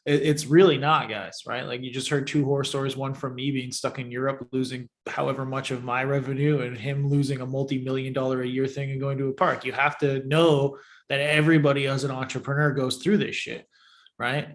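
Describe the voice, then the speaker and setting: A man's voice: mid-range voice, level tone, brisk. A man co-hosting a livestream, talking earnestly and straight to the listeners. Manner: earnest, talks straight to the audience. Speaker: podcast co-host, agency owner. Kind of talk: casual livestream chat.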